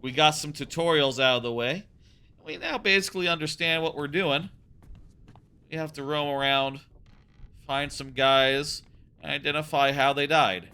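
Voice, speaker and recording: A man's voice: on the high side, fairly even intonation, normal speed, long pauses, pushed and bright, smooth. A young man casually musing aloud as he plays through a game, rambling as he goes. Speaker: let's play host. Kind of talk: casual gameplay commentary.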